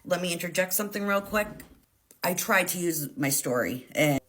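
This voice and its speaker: Low-pitched female storyteller, intense and foul-mouthed, dramatic storytime delivery. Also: animated, normal speed, a bit bright. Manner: intense, profane, dramatic retelling. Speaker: storyteller vlogger. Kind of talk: emotional storytime vlog.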